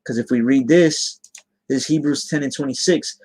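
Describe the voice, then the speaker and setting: A young man gives an informal live-stream sermon, speaking casually but earnestly. He keeps asking "right?" to check that his listeners follow, and he slows down to read scripture. His voice sits at an ordinary middle pitch. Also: darkish tone. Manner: reads scripture aloud in a slower voice.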